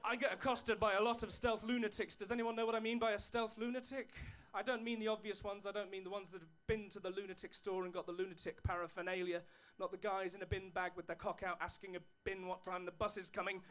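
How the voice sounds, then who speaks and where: A man's voice: sits high, level tone, quick pace, few pauses, a bit bright. A man doing stand-up comedy, dry storytelling with put-on posh voices. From England. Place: comedy club stage with an audience.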